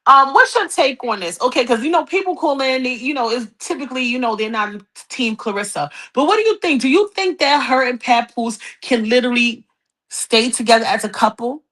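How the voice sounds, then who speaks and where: A woman hosts a casual call-in gossip show. She talks in a sassy, emphatic way, hammering her points with repetition. Her voice sits a little high. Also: expressive, fairly quick, a bit bright. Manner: sassy, emphatic, repeats phrases. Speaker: podcast host.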